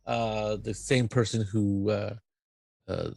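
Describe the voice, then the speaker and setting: A man narrating a tabletop game as game master, pausing often with fillers and restarts. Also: lowish voice, little pitch movement, vocal fry, a little mellow, no echo. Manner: halting, many fillers and restarts.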